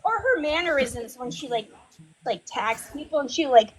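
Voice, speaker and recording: Woman chatting w friends, super high voice, bouncy and mocking. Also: normal speed. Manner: animated, mocking, laughs a lot. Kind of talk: casual group chat.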